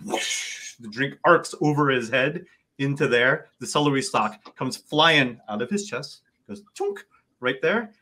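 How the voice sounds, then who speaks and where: رجل مبحوح الصوت يدير لعبة أدوار. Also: male voice, medium pitch, measured pace. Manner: lively, descriptive narration. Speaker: game master. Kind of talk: narrating a tabletop game. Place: home setup, online session.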